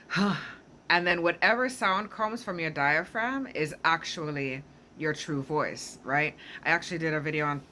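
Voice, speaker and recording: A woman speaks to her audience in an easygoing, reflective way, often stopping to search for the right word and tossing in "right?" to check in. Her voice sits a little low but has a bright, forward edge. A faint ambient hum runs underneath. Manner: thoughtful, searching for words, frequent "right?". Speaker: spiritual self-help vlogger. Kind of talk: casual reflective monologue.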